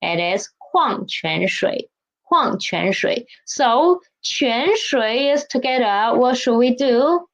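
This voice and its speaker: A woman's voice: a little high, animated, highs cut off. A woman teaching a Chinese language lesson, asking questions and having learners repeat words after her. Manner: slow, questioning teacher talk with repeated drills.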